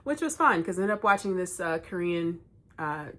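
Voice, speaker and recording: A woman, hosting a knitting vlog, telling stories in a chatty, animated way and laughing often. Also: on the low side, normal speed. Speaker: knitting podcast host. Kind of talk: casual storytelling vlog.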